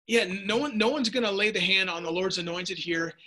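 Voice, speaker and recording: A man's voice: high voice, a little fast, sharp tone. A man leading a casual Bible study lesson, chatty and joking, answering viewers' typed questions. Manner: chatty, jokey asides, restarts mid-sentence.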